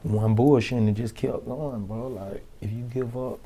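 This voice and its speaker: A man's voice: medium pitch, steady tone, unhurried, mellow, a little hiss or hum. A young man, a rapper, telling studio stories in a loose, slangy interview manner and acting out the quotes. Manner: loose slangy street talk, acts out quotes. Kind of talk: casual interview storytelling.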